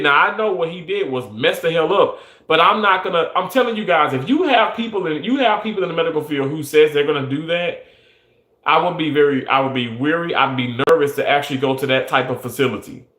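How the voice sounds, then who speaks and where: A man's voice: fairly high pitch, brisk, bright, forceful tone. A young adult man who works in surgery, talking earnestly and emphatically with many restarts. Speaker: surgical technologist. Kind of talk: casual monologue. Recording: echoey room.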